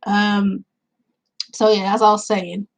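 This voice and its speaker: A woman's voice: mid-range voice, level tone, takes it slowly, creaky, low-quality recording. A woman reviewing a film in a casual vlog, retelling the plot at length with fillers and quoting her own reactions, recorded outdoors in cool weather.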